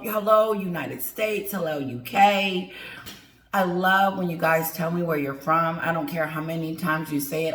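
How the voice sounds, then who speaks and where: A woman's voice: on the low side, fairly bright tone. Sassy ranting middle-aged woman, echoey room. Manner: sassy, emphatic, talks straight to viewers and greets them. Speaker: commentary vlogger. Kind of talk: opinion rant to viewers.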